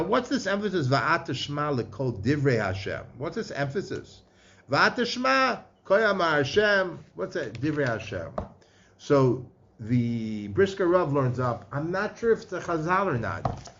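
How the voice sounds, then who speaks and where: A man in giving a Torah lecture, chanting verses and weaving Hebrew terms into his talk. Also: medium pitch. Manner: mixes Hebrew and Yiddish-inflected terms into English, chanting verses. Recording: slightly muffled with faint background noise.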